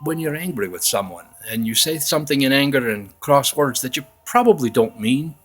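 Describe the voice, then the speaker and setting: A man voicing a patient, wise father who calmly teaches his son a lesson. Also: mid-range voice, a little fast. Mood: gentle. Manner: calm, gentle, instructive.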